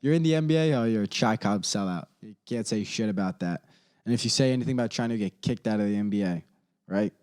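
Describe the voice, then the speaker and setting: A man hosting a comedy podcast, ranting casually in slangy, rambling talk that swings between loud outbursts and low mutters. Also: fast talker, smooth. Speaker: podcast host.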